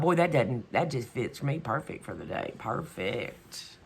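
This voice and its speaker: A woman's voice: low voice, big pitch swings, a little slow, vocal fry, sharp tone, breathy edge. A middle-aged woman chatting casually in her home vlog, exasperated and rambling, trailing off with "whatever". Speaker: vlogger. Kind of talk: casual chat.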